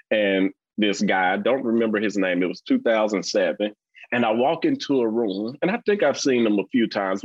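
A blunt man in his forties with a Mississippi accent tells stories in a casual interview, talking fast and animated. The recording is dry with no room sound and a dull, lo-fi tone. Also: medium pitch, no room sound. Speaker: guest.

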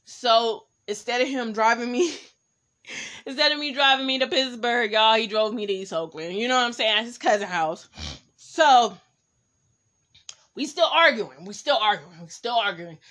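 Brief: young woman, Bay Area accent, podcast host, frank casual storytelling, crisp bright tone. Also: fairly high pitch, measured pace, long pauses. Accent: San Francisco Bay Area. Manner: candid, animated, speaks straight to listeners.

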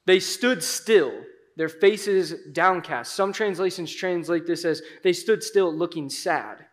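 A pastor preaching a sermon in an animated, conversational way, dropping into dramatic pauses. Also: male voice, sits high.

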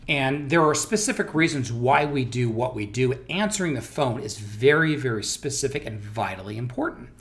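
An American man hosting a business interview, animated and full of restarts, leaning hard on stressed words. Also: mid-range voice, normal speed, few pauses. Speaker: business owner and host. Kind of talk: conversational interview.

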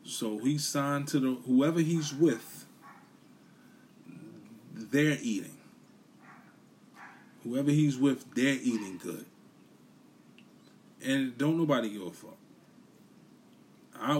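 Blunt, profane New podcast host. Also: male voice, mid-range voice, lively intonation, a little slow, pauses often, a little mellow, a little hiss or hum. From New York City. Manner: blunt, profane, repetitive ranting. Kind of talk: casual solo commentary.

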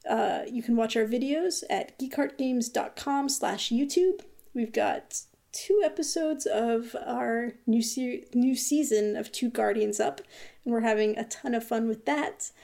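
A woman's voice: fairly high pitch, unhurried, gravelly, warm tone. Chatty woman co-hosting a gaming podcast. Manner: chatty, hesitant, many fillers. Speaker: podcast co-host. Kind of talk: casual chat.

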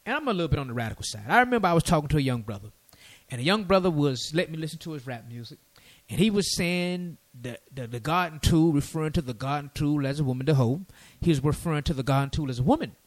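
A man hosting a call-in radio show and teaching from the Bible, animated, often repeating words to press a point. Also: fairly high pitch, quick pace. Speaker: radio call-in host and preacher.

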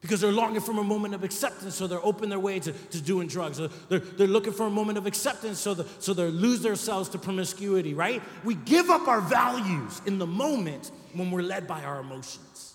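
A man's voice: high-pitched, animated, a little fast, hardly any pauses. A man preaching a sermon as pastor, talking to the congregation in a conversational way and often checking in with "right?". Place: church sanctuary. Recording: echoey church hall.

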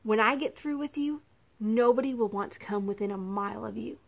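A woman's voice: a little high, fairly quick, creaky. A woman voicing a cruel, mocking male captor in a storybook reading, taunting and menacing.

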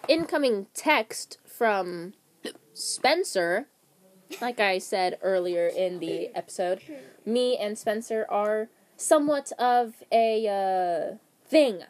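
A woman's voice: mid-range voice, animated, slow. A woman hosting a casual chat among friends, playful and rambling, with frequent ums. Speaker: podcast host.

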